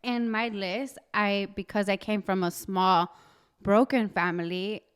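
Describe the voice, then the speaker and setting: Young adult woman, podcast co-host, animated storyteller, clear smooth tone. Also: mid-range voice, a little slow. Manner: animated storytelling, acting out quoted dialogue. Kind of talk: casual chat.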